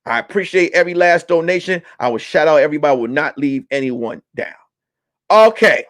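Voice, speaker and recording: Loud, animated comedian man ranting. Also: on the high side, brisk. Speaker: comedian host. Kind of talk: comedic commentary.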